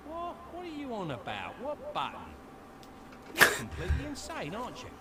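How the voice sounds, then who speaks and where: A sneering, sarcastic bard. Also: male voice, extremely high pitch, huge pitch swings, moderate pace, exaggerated voice. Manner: sardonic, mocking, irritable. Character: sarcastic, self-centred young male bard hero. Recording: game audio under loud noise.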